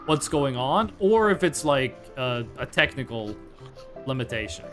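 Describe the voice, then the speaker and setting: A streamer from Norway speaking with an American-sounding accent, chatty and rambling, full of fillers. The pitch bounces around a lot. Faint music plays underneath. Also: very animated, unhurried, a bit bright. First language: Norwegian. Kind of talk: casual gameplay commentary.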